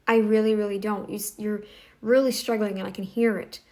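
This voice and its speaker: A woman's voice: medium pitch, steady tone, fairly quick, a little mellow. Blunt scolding woman commentator. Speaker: reaction commentator. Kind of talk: casual commentary.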